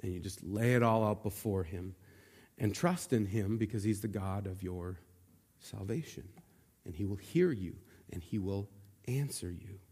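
A man preaching a sermon as pastor, speaking earnestly and conversationally, often dropping to a soft, low voice. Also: measured pace, breathy edge. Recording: long reverb of a large room.

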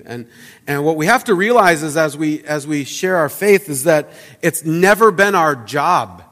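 A man preaching a sermon as a pastor, earnest, often repeating words and dropping to a quiet low voice for emphasis. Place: church sanctuary. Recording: church hall reverb.

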